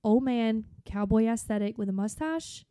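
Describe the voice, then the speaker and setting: A young woman, co-hosting a podcast in casual chat and telling stories in a lively way. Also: a little high, normal speed, clean tone, dry recording, clean studio sound. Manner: chatty, animated storytelling with run-on asides. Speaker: podcast co-host.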